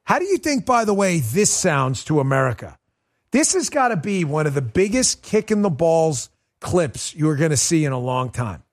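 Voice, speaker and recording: A male political talk host delivers a livestreamed commentary in a high, lively voice. His tone is emphatic and sarcastic, swinging widely as he rants. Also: moderate pace.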